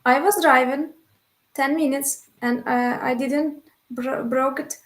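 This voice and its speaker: A woman from Ukraine, a volunteer guest speaking halting English on a video call as she searches for words. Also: high-pitched, steady tone, a bit bright, echoey room, poor audio. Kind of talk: casual video-call chat.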